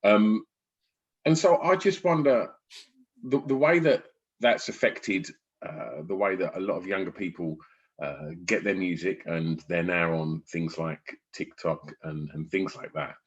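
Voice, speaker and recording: A middle-aged man hosting a podcast interview in a casual, chatty way, sometimes lively, often trailing off low. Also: measured pace, slightly rough. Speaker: podcast host. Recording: dull lo-fi sound.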